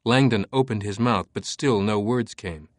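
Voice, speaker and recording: A man reading an audiobook as narrator in a measured, even storytelling manner. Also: lowish voice, no echo, clean studio sound. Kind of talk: scripted narration.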